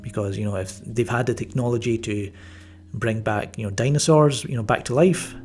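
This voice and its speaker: A man's voice: fairly low pitch, moderate pace, a little mellow, soft background music. Rambling, wry male film reviewer. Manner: rambling, with frequent fillers and restarts; wry, mildly sarcastic. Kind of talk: casual spoken movie review.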